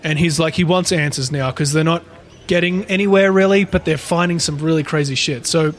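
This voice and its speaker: A man's voice: on the high side, brisk. A man co-hosting a podcast, casually retelling a paranormal story in a rambling way, with frequent swearing. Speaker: podcast co-host.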